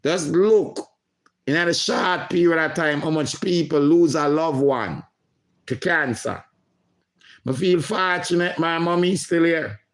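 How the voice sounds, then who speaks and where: Guy on a livestream reading comments, talks slow, kinda high smooth voice. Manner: slow, emotional, reads comments aloud. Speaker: livestream host.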